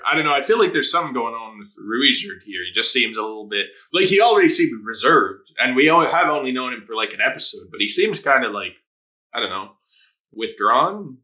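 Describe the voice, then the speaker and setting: This anime reaction host is a man whose mid-range voice is very animated, fairly quick and sharp in tone. He talks casually, laughing often, swearing, and acting out lines from the show.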